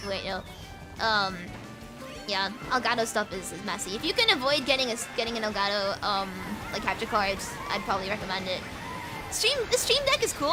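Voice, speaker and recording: A woman from Britain chatting casually with viewers while playing a racing game, giggling often and breaking into loud outbursts at the game. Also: medium pitch. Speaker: streamer. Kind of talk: casual gaming stream chat. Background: game music.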